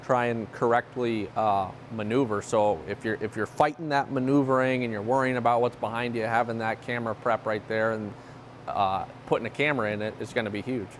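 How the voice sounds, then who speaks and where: A man's voice: mid-range voice, steady tone, brisk, a little hiss or hum. A man explaining technical equipment in a practical, matter-of-fact way with occasional fillers. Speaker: technical staff guest.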